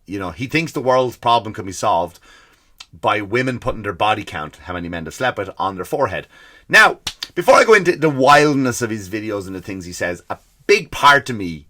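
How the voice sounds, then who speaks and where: A man's voice: fairly low pitch, fairly quick. Profane ranting man, Irish-American accent. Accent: mixed Irish and American. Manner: profane, animated, exasperated ranting. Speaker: comedy podcast host. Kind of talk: ranting comedy podcast monologue.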